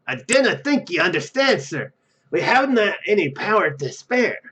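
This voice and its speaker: A man's voice: high voice, sing-song, normal speed, fairly bright tone, breathy edge, pitched above the performer's own voice, exaggerated voice. A man voicing a bumbling male ship engineer in a kilt with a clumsy, overdone put-on Scottish brogue. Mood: protesting.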